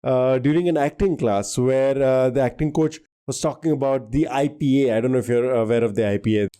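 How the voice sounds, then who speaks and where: A man's voice: mid-range voice, fairly quick, mellow, clear, resonant tone. A man co-hosting a podcast in casual chat, thinking aloud as he guesses quiz answers and laughing easily.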